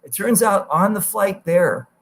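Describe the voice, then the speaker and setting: A man hosting a podcast, telling stories in a casual, animated way, swearing freely and jumping into high-pitched quoted voices. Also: measured pace, vocal fry. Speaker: podcast host. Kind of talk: casual storytelling chat.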